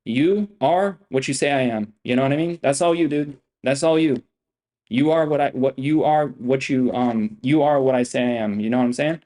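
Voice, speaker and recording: A man's voice: medium pitch, moderate pace, mellow. Young male streamer, swaggering and crude, loops the same brags over and over. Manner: boastful, profane, repetitive swagger. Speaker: day trader streamer. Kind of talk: live-stream trading commentary.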